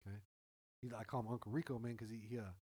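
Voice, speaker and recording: A man's voice: medium pitch, rapid-fire, slightly rough, low-quality recording. A man telling a story in casual chat, swearing freely and acting out quoted dialogue. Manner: animated, profane, acts out quoted dialogue.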